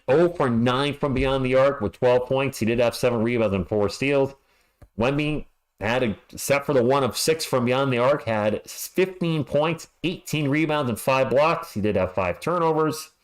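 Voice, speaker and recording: A man hosting a fan livestream, calling play-by-play and ranting in frustration, often stammering when upset. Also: mid-range voice.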